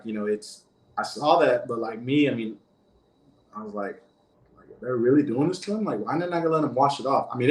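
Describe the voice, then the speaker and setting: A former prison guard, interviewed as a guest, tells a first-person story casually and ramblingly, restarting often and using many fillers. His medium-pitched voice has a roomy sound.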